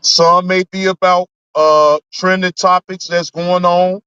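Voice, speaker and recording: A man's voice: high voice, flat delivery, slow, bright, forceful tone, clean tone, no echo. A man hosting a livestream, answering his chat in laid-back, rambling, profane casual talk. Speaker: livestream host. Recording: dull lo-fi sound.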